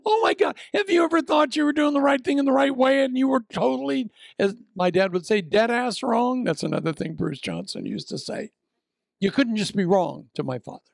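An older man from Iowa preaching a sermon, telling the story with lively acted-out voices and asides. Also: very high-pitched, a little fast, creaky, no echo, clean studio sound. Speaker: pastor.

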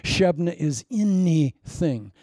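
An animated male preacher who peppers his sermon with rhetorical questions and chuckles. His voice sits a bit high with a warm, mellow tone. The sound is dry and close. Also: slow, no room sound.

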